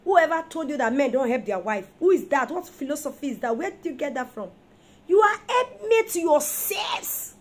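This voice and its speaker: A woman's voice: high-pitched, lively intonation, quick pace, few pauses, darkish tone, breathy edge. A woman preaching an emphatic sermon on marriage, firing rhetorical questions at her listeners.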